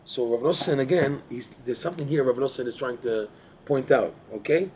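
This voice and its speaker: Male Torah teacher, animated, repetitive delivery, mid pitch, faint background hiss. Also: normal speed. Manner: animated, repeats words, asks listeners to follow. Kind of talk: Torah class explaining texts.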